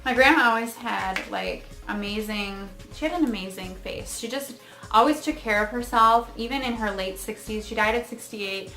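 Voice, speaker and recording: A woman's voice: fairly high pitch, moderate pace, sharp tone, reverberant, faint music behind. A woman in her thirties, a beauty vlogger chatting casually about her skincare routine in a rambling way, with many fillers and asides. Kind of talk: casual chatty product review.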